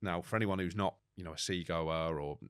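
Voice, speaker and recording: A man speaks as a podcast guest in a low, deep register, rattling through his story at a fast clip. He talks in a lively, slangy way, correcting himself mid-sentence as he goes, and sometimes sounds choked up. The recording is dry and close, with no room sound. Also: smooth, no room sound. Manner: brisk, animated storytelling full of British slang and self-corrections. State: choked up at times. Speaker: guest, record-setting ocean rower.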